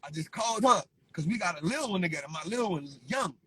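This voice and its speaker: A man's voice: sits high, animated, fast talker, pushed and bright, breathy edge, no room sound, poor audio. A man, giving fervent, repetitive motivational preaching to his viewers. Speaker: vlogger.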